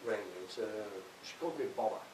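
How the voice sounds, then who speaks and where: A man's voice: lowish voice, fast. An older man giving a chatty, self-mocking talk to an audience and laughing often at his own jokes. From Australia. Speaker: author speaking at a library event. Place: library hall. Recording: distant, echoey hall with hiss.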